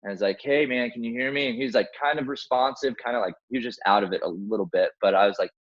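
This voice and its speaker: Low-voiced man telling a rescue story. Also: rapid-fire, muffled recording. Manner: animated, acts out quoted dialogue, many fillers like "like" and "man". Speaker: guest, helicopter rescue swimmer. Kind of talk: casual storytelling in an interview.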